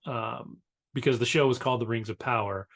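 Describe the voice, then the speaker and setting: A man's voice: mid-range voice, a little fast, fairly bright tone. A man co-hosting a podcast in casual chat, hesitant with many fillers. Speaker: podcast co-host.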